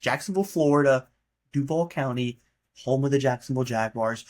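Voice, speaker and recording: A man's voice: mid-range voice, fairly quick, darkish tone. A man hosting a casual solo podcast monologue, rambling and offhand and swearing casually. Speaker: podcast host.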